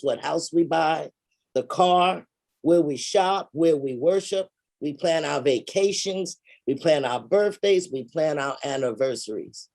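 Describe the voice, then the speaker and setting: A woman giving a measured, explanatory presentation on funeral pre-planning over a video call. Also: on the low side, darkish tone.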